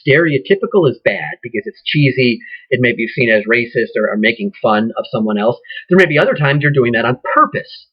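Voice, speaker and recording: A man teaching acting, speaking in a conversational, rambling way with many ums and restarts, his voice husky. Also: medium pitch, muffled recording. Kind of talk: informal lecture.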